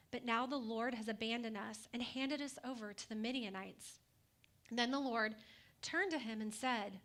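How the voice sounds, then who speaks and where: A woman's voice: fairly high pitch, bright, forceful tone. A woman pastor preaching a sermon in a conversational way, asking the congregation questions and adding light humor.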